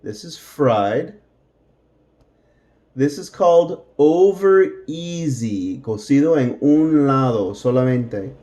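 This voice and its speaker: Very slow-speaking male English teacher. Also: mid-range voice, expressive, mellow. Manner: repeats words slowly, mixes in Spanish glosses.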